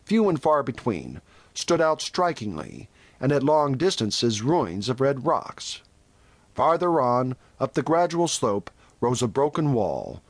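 A man narrating a novel in a measured, descriptive storytelling manner. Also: medium pitch, no echo. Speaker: audiobook narrator. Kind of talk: scripted narration. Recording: dry close studio recording.

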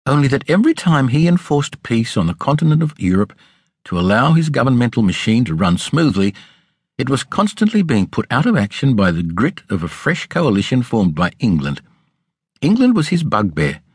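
A man's voice: mid-range voice, very animated, normal speed, slightly rough, dry recording, studio quality, pitched above the performer's own voice. A man voicing a stern, genteel middle-aged station mistress who speaks severely and precisely. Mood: musing.

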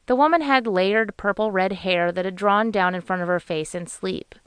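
A woman narrating a romance audiobook in a measured, even storytelling manner on a close studio mic. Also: medium pitch, clean tone, dry recording. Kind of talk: scripted narration.

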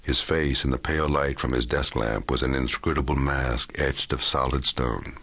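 A man narrating a crime audiobook in a measured, even storytelling manner. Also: a bass voice, breathy edge. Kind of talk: scripted narration.

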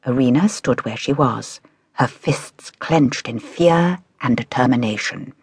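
A woman narrating a children's audiobook in a measured, expressive storytelling manner. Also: extremely low pitch, breathy edge, dry recording, studio quality.

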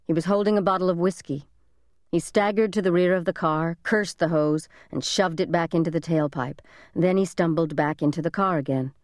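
A woman narrating a thriller audiobook in a measured, suspenseful reading, close to the microphone. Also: lowish voice, a little mellow, no echo. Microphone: close studio mic.

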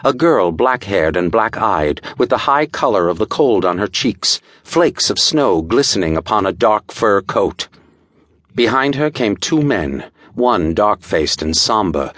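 Male narrator for a pulp adventure audiobook: deep, animated, measured and dramatic, close and dry. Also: no room sound. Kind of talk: scripted narration.

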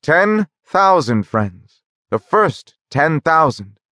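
A man's voice: on the low side, lively intonation, slow, a bit bright, no echo. A man voicing Kufalt, an earnest ex-convict organizer who speaks solemnly and with emphasis, in a dry audiobook reading.

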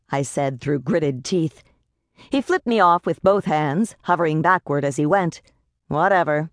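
A woman narrating an audiobook in the first person, measured and tense, on a close studio mic. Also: deep voice, no echo.

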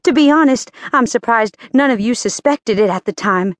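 A woman narrates an audiobook in a slightly high, animated voice at normal speed, pitched above her own voice yet close to an everyday one, recorded at studio quality with no echo. Voicing a fierce middle-aged mother, she speaks in a raised, impassioned, bitter tone.

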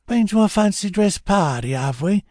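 A small, rat-faced mugger with a sneering, mocking edge, as a male narrator puts him on. The voice sits high and thin, pushed well above a man's usual register, and the dry, close reading leaves every nasty word exposed. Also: animated, normal speed, a little mellow, no room sound. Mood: sneering menace. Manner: mocking, threatening.

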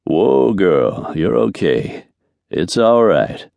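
A worn-out rodeo cowboy who talks in short, terse answers with a very deep voice, voiced by a man. The recording is dry and close. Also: very animated, slow, creaky, darkish tone, dry recording, highs cut off, exaggerated voice. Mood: weary. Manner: clipped and terse.

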